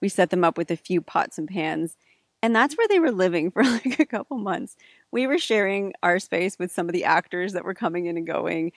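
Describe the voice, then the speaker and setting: Lower-voiced woman chatting animatedly. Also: fairly quick, no room sound, studio quality. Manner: animated, laughs easily, says "like" often. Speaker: co-host, filmmaker. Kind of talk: casual chat.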